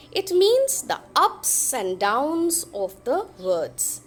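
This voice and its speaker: A woman lecturer from India with an Indian English accent, explaining slowly and deliberately, with fillers and self-corrections. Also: on the high side. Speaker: college lecturer. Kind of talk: recorded lecture.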